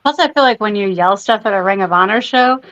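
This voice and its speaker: A woman's voice: medium pitch, lively intonation, fast, fairly bright tone, no echo. A woman co-hosting a wrestling podcast, chatting casually and telling teasing stories about a friend. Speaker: podcast co-host. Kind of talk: casual watch-along chat. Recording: muffled lo-fi mic.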